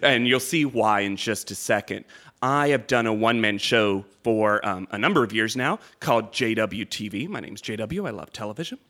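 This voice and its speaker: Bright-voiced man doing stand-up. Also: lowish voice, animated, normal speed. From North Carolina. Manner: wry and joking. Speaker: comedian guest. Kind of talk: stand-up comedy. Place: stage before a live audience.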